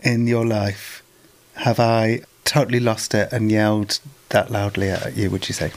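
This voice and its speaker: A man's voice: fairly low pitch, level tone, measured pace, a little hiss or hum. Dry, probing male documentary host. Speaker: host and narrator. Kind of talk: documentary narration and interviewing.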